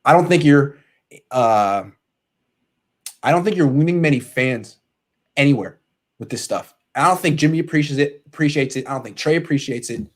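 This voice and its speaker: A man's voice: mid-range voice, expressive, normal speed, pauses often. A man hosting a casual sports talk show, ranting animatedly and reading out viewer comments.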